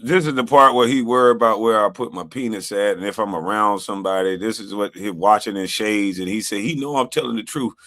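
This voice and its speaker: A low-voiced man mocking a rival. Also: fairly quick, hardly any pauses, a bit bright. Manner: mocking, taunting, dismissive. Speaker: streamer reacting to video clips. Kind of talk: casual reaction commentary.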